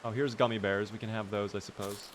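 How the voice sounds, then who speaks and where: A man's voice: on the low side, level tone, quick pace, slight background noise. A man streaming a game live, chatting casually, teasing his character and answering his chat.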